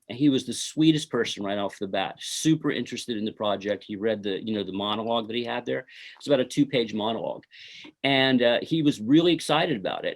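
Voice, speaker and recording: A middle-aged man speaks in a relaxed, unhurried way as he is interviewed about his own film. He rambles through anecdotes and scatters fillers like "you know" and "uh" between his thoughts. His pitch sits at an ordinary middle level. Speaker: filmmaker being interviewed. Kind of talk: casual interview storytelling.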